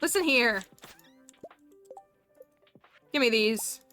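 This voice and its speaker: Casual woman game streamer, bright smooth voice, chatty and giggly, faint music underneath. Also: a little high, animated, normal speed. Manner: chatty, giggly, thanks viewers. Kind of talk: casual live-stream chat while gaming.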